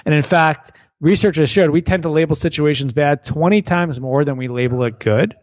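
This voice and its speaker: A man's voice: on the high side, normal speed, darkish tone, lo-fi sound. A man being interviewed as an entrepreneur and author, talking energetically and often repeating words as he starts his sentences. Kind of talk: conversational interview.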